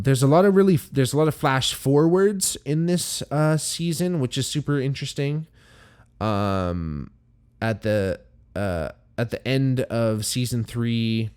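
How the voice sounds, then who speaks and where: A man's voice: mid-range voice, darkish tone, clear, resonant tone. A man hosting a podcast, recapping a TV show in loose, profanity-laden casual chat full of fillers. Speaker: podcast host.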